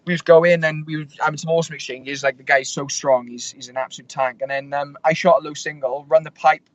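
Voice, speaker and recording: A man's voice: fairly high pitch, fairly even intonation, fast, muffled recording. A young man in his twenties, a fighter, rambling through stories with lots of fillers and restarts. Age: 20s. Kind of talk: casual interview storytelling.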